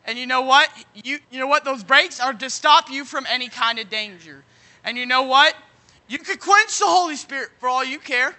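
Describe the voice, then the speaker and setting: A man preaching a sermon, leaning on folksy everyday examples and asking "you know what?" again and again, now and then breaking into shouts. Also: extremely high pitch, moderate pace. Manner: bursts into shouting at moments.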